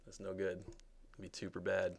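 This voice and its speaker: A man's voice: sits low, moderate pace, creaky. A man casually guiding viewers through a game on a livestream, chatty and joking, with plenty of fillers. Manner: relaxed, chatty, lots of fillers and jokes.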